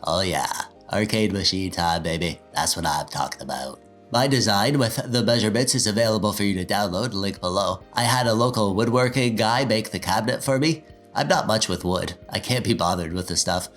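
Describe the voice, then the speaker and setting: A man in his thirties with a nasal, stuffy voice, talking in a casual, sarcastic, self-deprecating vlog style as he gets excited about his project. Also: on the low side, fairly quick, faint music behind. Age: 30s. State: stuffy, getting over an illness. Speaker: DIY tech vlogger.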